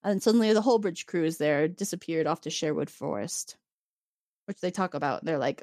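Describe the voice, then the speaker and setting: A woman in casual chat, retelling an episode with lively storytelling and laughing often. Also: fairly low pitch, normal speed, no echo, studio quality. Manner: animated storytelling, acting out characters' lines. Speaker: podcast co-host.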